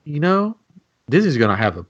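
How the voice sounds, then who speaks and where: A man's voice: a little high, a little fast, highs cut off. A man from Tennessee, joking around in casual chat as a podcast co-host. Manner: animated, joking, laughs easily.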